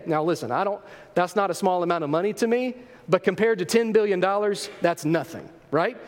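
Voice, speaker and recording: A man preaching to his congregation with a high, bright-edged voice. He tells the story with animated emphasis and asks his listeners rhetorical questions. His voice rings with a long reverb, as in a large sanctuary. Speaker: pastor. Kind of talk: sermon.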